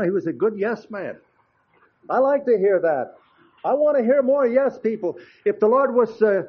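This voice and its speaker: In a dull lo-fi recording, an older man with a fairly high, husky voice delivers a folksy storytelling sermon. He's chatty, spinning anecdotes and often turning aside to address the congregation.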